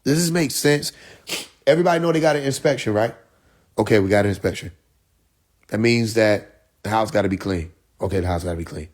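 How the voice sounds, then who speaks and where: A man's voice: on the low side, a little fast, pauses often. A man ranting in a casual live-stream monologue, blunt and full of profanity, acting out the people he quotes as he tells a long analogy. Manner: animated storyteller who acts out the people he quotes; heavy profanity, blunt and exasperated. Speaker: livestreamer.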